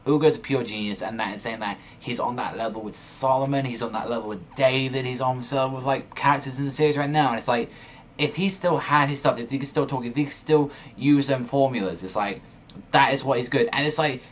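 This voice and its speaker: A young man hosting a manga reaction video, talking in an excited, rambling way and swearing a lot. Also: mid-range voice, fairly quick, slight background noise. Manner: excitable, swears often, rambling run-on sentences. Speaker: manga reaction channel host. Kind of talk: excited casual reaction monologue.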